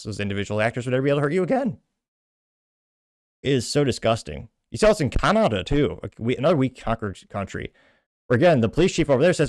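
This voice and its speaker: A man's voice: medium pitch, dry recording, studio quality. A man from Texas hosting a political commentary show, delivering blunt, indignant rants with heavy emphasis.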